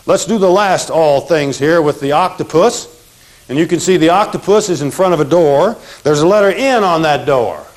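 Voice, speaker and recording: A man teaching a memory lesson from pictures, animated and punny, having his audience repeat phrases after him. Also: on the high side, moderate pace.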